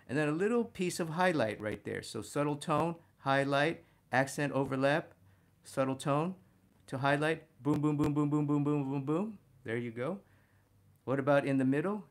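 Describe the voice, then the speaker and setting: A man teaching figure drawing and talking through a study, energetic and punctuating his points with "boom". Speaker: art instructor.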